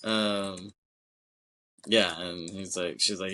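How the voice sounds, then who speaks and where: Bright-voiced man recapping a film casually. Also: deep voice, fairly even intonation, slow pace, long pauses. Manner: loose, rambling retelling with fillers and acted quotes; swears freely and laughs often. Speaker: podcast co-host.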